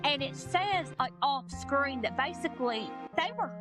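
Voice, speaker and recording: A woman's voice: high voice, animated, unhurried, over music. A woman co-hosting a podcast, recapping episodes in a rambling, casual way full of "like" and "you know.". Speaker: podcast co-host. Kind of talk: casual chat.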